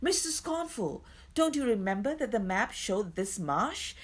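A sharp-tongued woman traveller in a storybook , voiced by the narrator. Her voice is pitched well above the narrator's and swings widely as she scolds. It comes out loud and insistent. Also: very animated, a little slow. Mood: urgent. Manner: scolding, urgent. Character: stern scolding female traveller.

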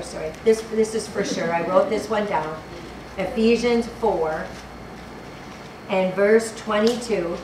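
Fervent woman preaching in an echoey hall. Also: a little high. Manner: fervent, repeats phrases, fumbles for verses. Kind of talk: sermon. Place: church hall. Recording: echoey hall, distant mic, background noise.

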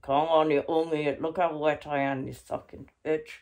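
A woman's voice: low voice, flat delivery, normal speed, darkish tone. Woman voicing a foul-mouthed monkey puppet. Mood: indignant. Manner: foul-mouthed, sulky, needling. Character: crude cheeky male monkey puppet. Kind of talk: ventriloquist puppet banter.

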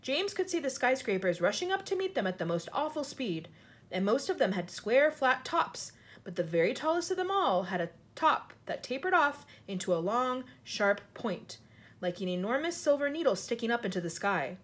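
Husky, animated woman reading aloud. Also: a little high, normal speed. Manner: expressive, dramatic storytelling with lively inflection. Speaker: storybook reader. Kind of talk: children's book read aloud.

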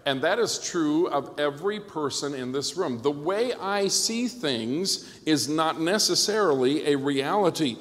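A man preaching in a church hall with a fairly high voice. He jokes and keeps the room with him, often asking "okay?". A long reverb trails his words. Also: a bit bright. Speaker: pastor. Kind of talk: conference sermon.

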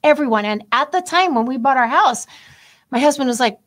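A woman's voice: high-pitched, lively intonation, brisk, fairly bright tone. A woman co-hosting a casual talk, telling stories in a chatty way with lots of fillers and restarts. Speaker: podcast co-host. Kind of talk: casual conversational chat.

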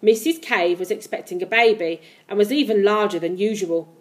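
Woman reading aloud a children's story; lively narration, average pitch. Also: normal speed. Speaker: reader.

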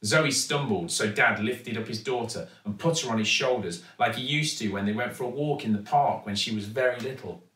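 English guy reading a kids story out loud, kinda far from the mic, roomy sound. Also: medium pitch, fairly quick, hardly any pauses. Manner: steady, expressive storytelling. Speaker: actor reading a children's book. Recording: echoey room, voice from off-mic.

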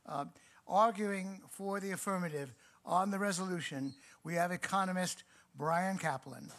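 A man acting as moderator, introducing speakers at a live debate with a halting delivery. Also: high voice, fairly bright tone. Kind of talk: event introduction.

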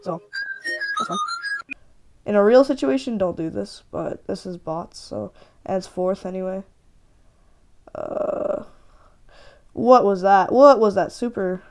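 Excitable woman ranting over gameplay. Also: medium pitch, faint music behind. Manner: excitable, ranting, quick to shout in frustration. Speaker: gaming channel host. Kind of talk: live gameplay commentary.

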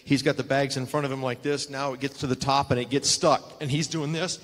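An older man, a former wrestler, telling lively anecdotes at a live fan Q&A and acting out the dialogue. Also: medium pitch, fairly quick, in a large hall. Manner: animated anecdotes, acts out dialogue, laughs often.

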